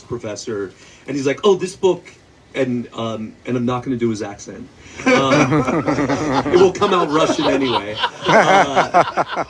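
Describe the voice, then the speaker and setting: A man, a novelist, talking loosely at a bookstore event, full of "like" and quick laughs. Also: mid-range voice. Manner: rambling, heavy use of "like", laughs often. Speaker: novelist guest. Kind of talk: casual conversation at a book event. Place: bookstore event before an audience. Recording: distant mic with faint noise.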